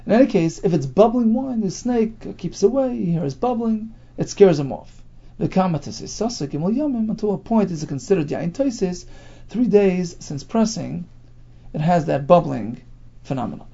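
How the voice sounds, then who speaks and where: Gravelly man teaching Talmud. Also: high voice, lively intonation, normal speed, dark tone, lo-fi sound. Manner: explains in English phrase by phrase, mixing in Hebrew terms. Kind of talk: Talmud class lecture.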